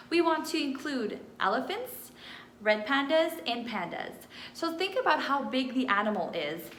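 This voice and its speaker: A woman's voice: sits high, fairly bright tone, a little hiss or hum. A woman teacher, patiently explaining a math lesson for young children, with many fillers. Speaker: first grade teacher. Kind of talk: recorded classroom lesson for children. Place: home room with whiteboard. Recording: echoey room.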